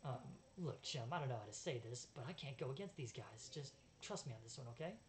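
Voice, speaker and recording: A woman's voice: very deep voice, lively intonation, a little fast, a little hiss or hum. A woman playing a hesitant creature companion. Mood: uneasy. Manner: hesitant, pleading.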